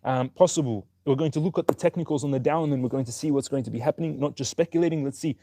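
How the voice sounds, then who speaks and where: A man's voice: mid-range voice, rapid-fire, dark tone, no echo. A young man hosting a casual stock market livestream, upbeat as he greets viewers by name and place one after another.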